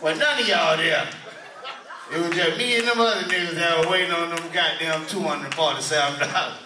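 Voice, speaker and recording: A male stand-up comedian doing loud, profane crowd work in a church hall venue. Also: fairly high pitch, brisk, noisy background. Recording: echoey hall, mic from far.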